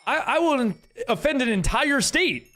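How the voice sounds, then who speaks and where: A man's voice: extremely high pitch, very animated, a little slow, sharp tone, faint music behind. A young man streaming a game live, chatting away and reading out and reacting to viewers' messages. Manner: chatty, reads chat aloud and reacts. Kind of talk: live-stream chat while gaming.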